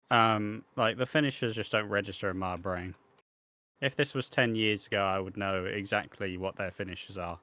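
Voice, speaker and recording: A man's voice: lowish voice, bright, forceful tone, dry recording. A man co-hosting a casual wrestling podcast, laid-back, swearing freely and trailing off with ums. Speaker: podcast co-host. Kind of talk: casual chat about wrestling.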